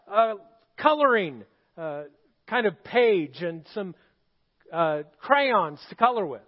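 A middle-aged pastor preaches a sermon in a church auditorium, telling stories and posing questions to the congregation. His voice is high-pitched, and the recording is lo-fi.

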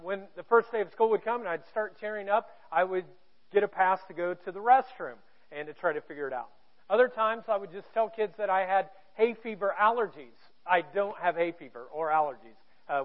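A man from Indiana preaching a sermon in a church auditorium, candid and self-deprecating, with a joking manner. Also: high voice. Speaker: pastor. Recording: tinny, phone-like narrow sound.

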